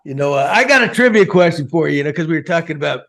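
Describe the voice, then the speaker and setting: Gravelly, chummy sports show host. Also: male voice, fairly high pitch, animated, very fast, fairly bright tone. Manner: chummy, jokey, calls guest pal and man. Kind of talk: casual interview chat.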